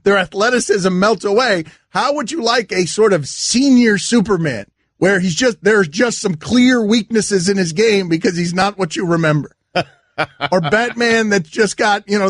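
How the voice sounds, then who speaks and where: A sports radio host with a fairly high voice, talking close to a dry studio mic. He rambles and riffs loosely, laughing as he builds on his own ideas. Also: no echo. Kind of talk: casual sports radio banter.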